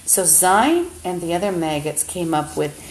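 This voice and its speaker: A woman's voice: lowish voice, lively intonation, measured pace. A woman talking into a phone on a livestream in an agitated, rambling monologue, swearing often. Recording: roomy echo, faint background hum.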